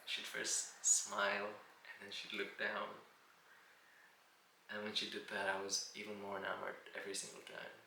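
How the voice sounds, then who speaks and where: A man recounts a personal memory in a slow, reflective manner, looping back over his points. His low voice has a gravelly rasp, a flat delivery and a bright, sharp tone. The recording sounds roomy, with a faint hiss behind it. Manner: reflective, unhurried, circles back with "and again". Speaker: video diarist. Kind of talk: personal storytelling monologue.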